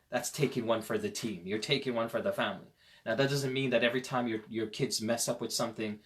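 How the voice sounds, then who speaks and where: Man, Islamic teacher, mid-pitched; conversational, animated lecturing, direct to parents. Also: quick pace. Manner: animated storyteller, swings between loud emphasis and quiet asides. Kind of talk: parenting lecture on a Quran verse.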